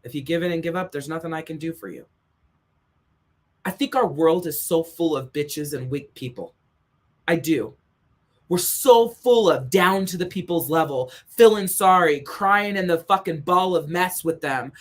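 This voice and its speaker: A woman's voice: deep voice, moderate pace. Woman life coach delivering a blunt, profane motivational talk that hammers its points home. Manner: blunt, emphatic, heavy swearing; repeats points for emphasis. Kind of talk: motivational monologue.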